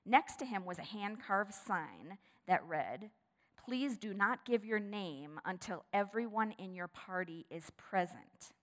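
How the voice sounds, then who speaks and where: A woman preaching a sermon, telling a story with animation and then turning hushed and prayerful. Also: mid-range voice. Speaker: pastor. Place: church sanctuary. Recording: long reverb of a large hall.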